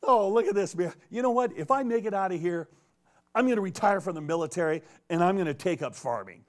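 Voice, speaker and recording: A man's voice: high-pitched, expressive, quick pace, pitched above the performer's own voice. A man voicing a weary, bewildered young soldier who talks in casual slang. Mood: rattled.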